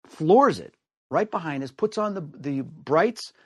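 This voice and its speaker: A man from the United States telling a personal story in an animated way, acting out the voices of the people in it. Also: a little slow, husky, no room sound, clean studio sound. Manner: acts out quoted voices with big pitch swings. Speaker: storyteller guest.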